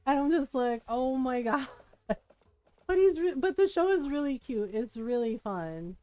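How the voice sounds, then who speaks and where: A woman's voice: high voice, sing-song, measured pace, dark tone, no room sound. A woman streaming a video game, chatting casually and rambling with frequent giggles. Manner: giggly, laughs often between rambling remarks. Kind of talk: casual chat while playing a video game.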